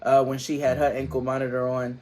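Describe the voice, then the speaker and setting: A man's voice: mid-range voice, completely flat delivery, fairly quick, darkish tone. A man co-hosting a casual TV recap chat who laughs easily and riffs on the scenes. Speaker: co-host of a TV recap show.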